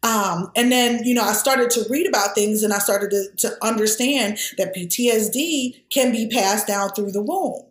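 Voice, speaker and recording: A woman who grew up in the American South, talking candidly in a conversation, earnest and animated, with many restarts. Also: fairly high pitch, normal speed, hardly any pauses, roomy sound, a little hiss or hum.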